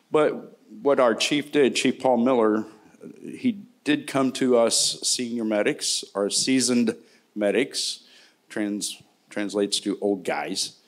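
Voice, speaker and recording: A middle-aged man from Indiana, a longtime paramedic, speaking on a conference panel in a casual, joking storytelling way. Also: fairly low pitch. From Indiana, United States.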